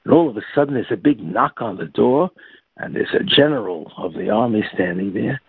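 A man's voice: on the low side, lively intonation, gravelly, breathy edge, dry recording. Man, religious tale, stumbling restarts, dry close sound, thin phone-line quality. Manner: halting, with repeated restarts and fillers. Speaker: storyteller. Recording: tinny phone-like, dry recording.

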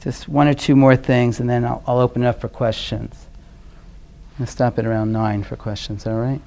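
Man, from brooklyn, earnest lecturer, conversational class, quiet storytelling, mid-range voice. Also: level tone, fairly quick, vocal fry. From Brooklyn, New York. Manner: earnest, often drops into a quiet, low storytelling voice.

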